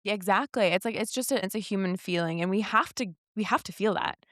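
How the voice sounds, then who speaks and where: A young woman guest on a casual podcast candidly retells her experiences, acting out what people said to her with animated quoted dialogue. She talks fast in a mid-range voice, with studio-quality sound and no echo.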